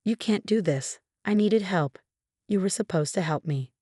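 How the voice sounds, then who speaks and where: A woman's voice: fairly low pitch, expressive, moderate pace, dark tone, no echo, studio quality. A woman voicing a desperate middle-aged mother who pleads and defends herself. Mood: pleading.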